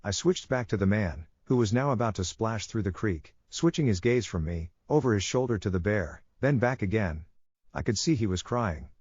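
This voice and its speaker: In a tense, gripping first-person horror story, a man with a lowish, husky voice speaks at normal speed with lively intonation and shouts out the quoted lines. There's no room sound, and the audio is dry, dull, and lo-fi.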